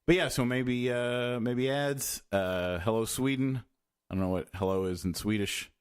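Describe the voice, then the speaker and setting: A man hosting a podcast in casual chat, rambling and halting with lots of fillers and restarts. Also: medium pitch, clean tone. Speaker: podcast host.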